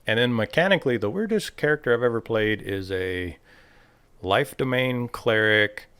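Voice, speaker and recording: A man chatting casually in an interview about tabletop games, rambling and relaxed with many fillers. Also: mid-range voice, normal speed, clear, resonant tone, no room sound. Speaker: podcast host.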